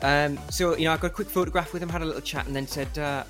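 A man's voice: fairly high pitch, steady tone, very fast, music in the background. A man co-hosting a podcast, chatting casually and laughing as he tells stories. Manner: chatty, laughs a lot while telling stories. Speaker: podcast co-host. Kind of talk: casual chat.

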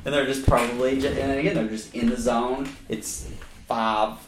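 A man's voice: medium pitch, fairly even intonation, moderate pace, distant mic, crowd noise. A man hosting a casual film-review podcast, ranting with plenty of profanity and frequent laughter. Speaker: podcast host. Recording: echoey room, set back from mic.

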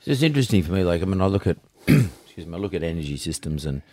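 A man's voice: low-pitched, big pitch swings, racing, warm tone, no echo, clean studio sound. An older Australian man hosting an interview, blunt and rambling with frequent restarts. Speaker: podcast host. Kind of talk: casual interview.

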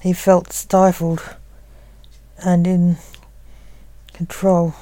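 A woman reading a gothic story aloud as narrator, in an even, unhurried manner. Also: lowish voice, no echo.

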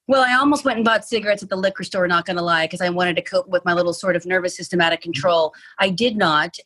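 Husky-voiced woman podcast host. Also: on the low side, fast talker, a bit bright, low-quality recording. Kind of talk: casual interview chat.

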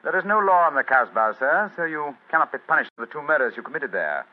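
A man's voice: fairly high pitch, very animated, fast talker. An actor playing a brilliant, composed male detective in a 1940s radio play, speaking in a precise, lecturing way. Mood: accusing. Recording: dull lo-fi 1940s radio recording.

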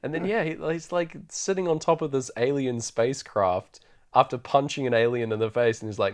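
A man's voice: medium pitch, expressive, normal speed. A man hosting a podcast, chatting loosely through a film recap and laughing often. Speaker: podcast host. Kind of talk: casual film recap chat.

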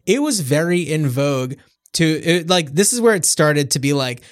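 A man's voice: on the high side, lively intonation, normal speed, no echo. Chatty man, dry close sound. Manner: rambling, many fillers and restarts. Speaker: podcast co-host. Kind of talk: casual film discussion.

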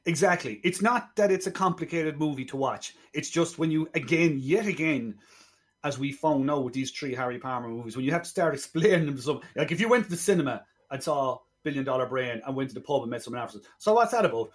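A man's voice: medium pitch, fast talker. A man co-hosting a film podcast, rambling through a plot retelling in casual review chat.

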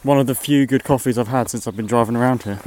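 Brief: casual male vlogger, mid-pitched, wry and teasing, faint background noise. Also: darkish tone. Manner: wry, chatty, quick to tease. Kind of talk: casual chat. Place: parked van at a viewpoint.

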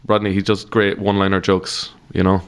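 A man's voice: low voice, completely flat delivery, brisk, clean tone. A man with an Irish accent, a comedian guest chatting casually on a podcast and telling stories with laughs and swearing. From Ireland.

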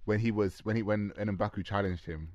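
A man's voice: lowish voice, fairly even intonation, a little fast, a little mellow, no echo, dull audio. A young man, co-hosting a podcast, teasing and laughing, often repeating himself. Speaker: podcast co-host. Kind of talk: casual chat.

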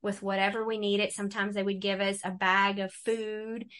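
A woman's voice: mid-range voice, normal speed. Woman sharing a heartfelt faith story. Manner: animated storyteller, acts out quoted voices. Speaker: guest. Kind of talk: faith testimony in casual conversation.

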